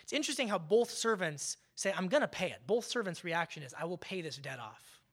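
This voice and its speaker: A man preaching a sermon as pastor, conversational, with emphatic swells and hushed drops, often repeating words as he restarts a phrase. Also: high voice, big pitch swings, brisk.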